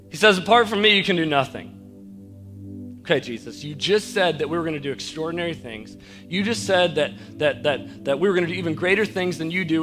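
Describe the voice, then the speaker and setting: A man preaching a youth sermon, chatty and rising to fervent preaching. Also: fairly high pitch. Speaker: youth pastor. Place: church auditorium.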